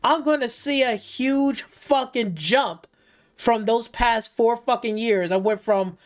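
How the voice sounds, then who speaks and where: A woman hosting a live gaming stream, ranting with heavy swearing and a heated edge. Her voice sits a little high. She stumbles over and repeats phrases as she presses her points. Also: takes it slowly.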